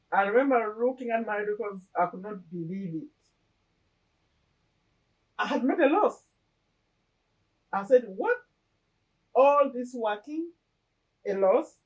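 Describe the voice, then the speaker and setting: A woman's voice: mid-range voice, distant mic, low-quality recording. A middle-aged woman talking casually to the camera in an earnest way, often repeating and restarting her phrases. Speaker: vlogger. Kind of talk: casual personal talk to camera.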